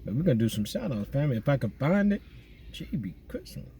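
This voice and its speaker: Male vlogger, casual slangy shout-out chat, outdoors at night. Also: medium pitch, very fast, slight background noise. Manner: relaxed slangy banter with listeners. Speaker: vlogger doing viewer shout-outs.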